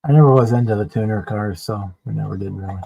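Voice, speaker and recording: A man's voice: fairly low pitch, quick pace, vocal fry, mellow, low-quality recording. A man talking casually on a livestream, explaining things at length with frequent restarts.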